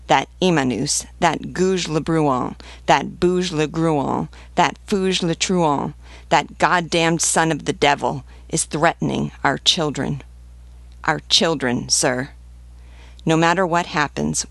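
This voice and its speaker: A woman's voice: sits low, vocal fry, dry recording, full character voice. A woman reading as a devoted army sergeant. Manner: earnest, pleading, fiercely protective. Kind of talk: audiobook reading.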